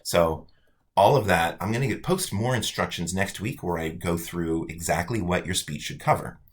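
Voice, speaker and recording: A male college instructor giving a casual, animated weekly update to his online students. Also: sits low, moderate pace. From United States.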